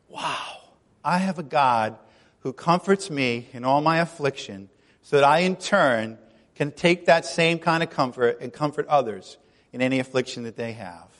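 A man preaching a chatty sermon as pastor, laughing often and acting out quoted voices. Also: on the high side. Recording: long hall reverb.

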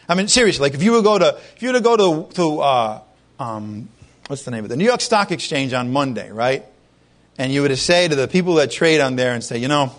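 A male pastor delivers a sermon in a high, bright-sounding voice. He speaks in a conversational, animated way and keeps asking his listeners rhetorical questions. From Irish heritage.

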